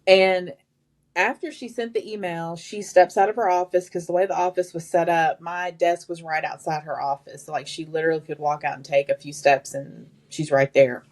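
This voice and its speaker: Speaking at a moderate pace in a fairly low voice, a female guest tells work stories conversationally. She's animated and imitates the people involved, quoting them in their own voices along the way.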